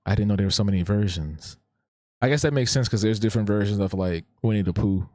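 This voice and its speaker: A man with a fairly low, mellow voice talks fast while hosting a live drawing stream, recorded dry. The artist chats casually in a laid-back, slangy way and often repeats his phrases.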